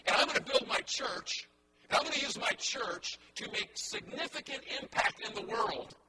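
A man's voice: very high-pitched, lively intonation, normal speed, long reverb tail. A man preaching a sermon, retelling scripture and breaking in with rhetorical questions and asides. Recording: distant mic with clear background noise.

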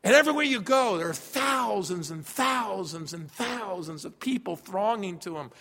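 A man preaching a sermon as pastor, emphatic, dropping to a hush and then rising loud. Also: high voice, animated, moderate pace. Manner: emphatic, swings from hushed to loud. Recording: long reverb of a large hall.

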